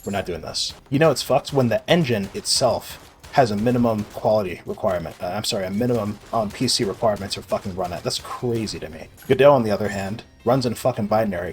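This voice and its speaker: Low-voiced young man ranting while gaming. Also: darkish tone. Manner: swears often, rambling, sarcastic, laughs at himself. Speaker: gaming video creator. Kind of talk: casual rambling commentary while playing.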